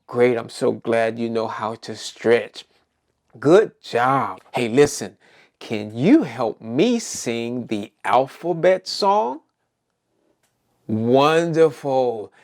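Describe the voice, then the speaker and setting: A man's voice: mid-range voice, darkish tone. A man hosting a preschool circle time lesson, cheerfully asking young children and puppets questions.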